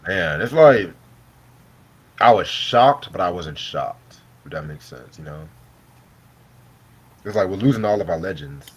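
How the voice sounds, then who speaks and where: Husky and low, the man's voice has lively intonation, a measured pace and long pauses. He's eating dinner as he hosts a live stream, trading loose, profane, laughing banter.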